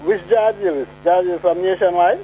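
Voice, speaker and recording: A man's voice: high-pitched, fairly quick, warm tone, a little hiss or hum, rough recording. A Jamaican man calling in to a radio show, friendly and hesitant with many fillers. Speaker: caller. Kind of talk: phone-in chat.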